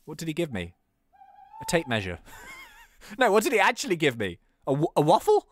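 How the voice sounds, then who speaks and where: A man doing casual let's-play commentary, excitable and quick to laugh at his own mistakes. His pitch jumps all over the place, swinging from low mutters to high yelps. He often begs the game characters to cooperate. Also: dry recording, clean studio sound. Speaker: gaming channel host.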